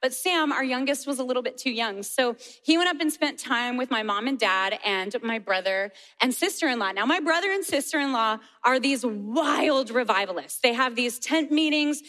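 A woman in her forties preaching a sermon and telling a family story in an animated way, laughing often. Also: sits high, moderate pace, hardly any pauses. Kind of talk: sermon testimony.

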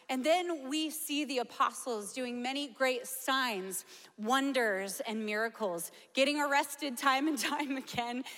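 A woman preaching a sermon, telling a story with lively energy and laughing now and then. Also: fairly high pitch, in a large hall. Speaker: pastor.

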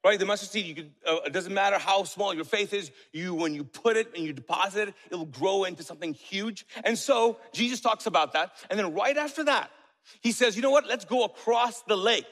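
With a high voice and a brisk pace, a male pastor preaches a lively sermon, quizzing the congregation and tossing in jokes. The long reverb of a church hall carries his words.

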